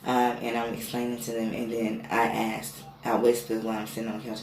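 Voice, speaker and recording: A woman's voice: sits low, a little fast, gravelly. A woman vlogger casually telling an emotional spiritual story, swearing and rambling with many fillers. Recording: echoey room, faint ambient noise.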